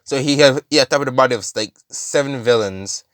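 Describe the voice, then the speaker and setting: A man's voice: mid-range voice, brisk, a bit bright, no room sound, studio quality. Rambling man telling a story. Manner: rambling, many fillers and restarts. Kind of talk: casual storytelling.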